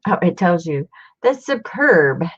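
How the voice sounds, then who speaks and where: A woman's voice: on the low side, sing-song, unhurried, husky, highs cut off. A woman talking casually as she shows off books from her collection, chatty and gushing over each find. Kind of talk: casual vlog show-and-tell.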